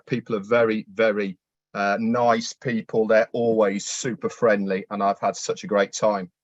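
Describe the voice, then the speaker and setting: A man's voice: lowish voice, no echo. Friendly man over dry, dull audio. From United Kingdom. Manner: friendly, hesitant with fillers. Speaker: guest speaker. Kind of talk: casual speech.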